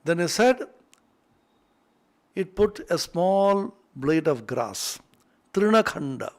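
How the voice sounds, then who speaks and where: A man teaching a scripture class, retelling a myth in an animated, playful way. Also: high voice, takes it slowly. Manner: animated, playful storytelling with asides.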